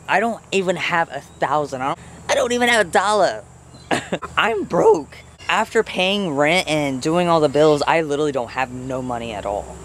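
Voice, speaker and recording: Rambling young man vlogging outdoors. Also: slight background noise. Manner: rambling and earnest, voice jumps high when talking to pets. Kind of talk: casual vlog talk. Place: outdoors by a house and garden.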